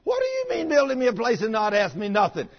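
Man doing an indignant young wife, shrill high voice, rapid complaints, muffled lo-fi sound. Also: wildly swooping pitch, vocal fry, heavily acted. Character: upset young wife scolding her husband. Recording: muffled lo-fi recording.

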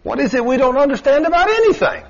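A man preaching a sermon, telling stories in a folksy way with dramatic swings in pitch and loudness. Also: sing-song, fast talker, lo-fi sound.

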